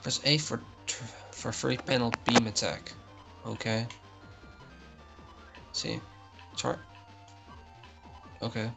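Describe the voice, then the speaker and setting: A man's voice: medium pitch, steady tone, slow pace, gravelly, pauses often, loud music behind the voice. A young man commentating his own gameplay, frustrated, swearing and muttering to himself. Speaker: let's play host.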